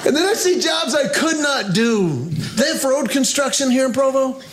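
High-voiced stand-up comic, loud live room. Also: male voice, normal speed, very noisy. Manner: animated storytelling, jokey asides. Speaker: stand-up comedian. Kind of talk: stand-up comedy. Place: live comedy venue before an audience. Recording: live stage recording, loud ambience.

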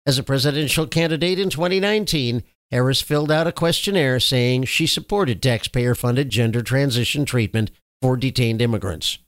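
A man's voice: medium pitch, moderate pace, few pauses, no echo. A man hosting a political commentary show, reading stories with opinionated, sarcastic asides.

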